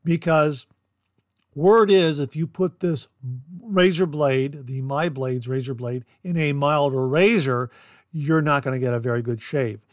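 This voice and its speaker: A man's voice: fairly high pitch, measured pace, no echo, clean studio sound. A man hosting a podcast, reviewing a product in casual, enthusiastic chat and often repeating words for emphasis. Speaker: podcast host.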